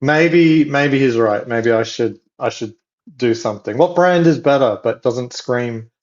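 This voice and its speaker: A man's voice: medium pitch, a little slow, darkish tone. A man calling into a livestream, easygoing and laughing along. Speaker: livestream guest caller. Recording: slightly dull sound.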